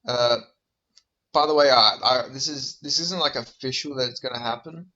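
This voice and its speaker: A man's voice: mid-range voice, moderate pace, sharp tone, highs cut off. A man ranting in a vlog about fighters, heated, profane and exasperated, firing off rhetorical questions. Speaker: MMA commentator.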